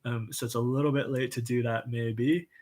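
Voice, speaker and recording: A man hosting a casual livestream, reading viewer comments with an upbeat, encouraging manner, lots of "um" and soft laughs. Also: mid-range voice, steady tone, normal speed. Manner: chatty and enthusiastic, frequent "um" and soft laughs; says "y'all", upbeat and encouraging. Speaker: livestream write-in host.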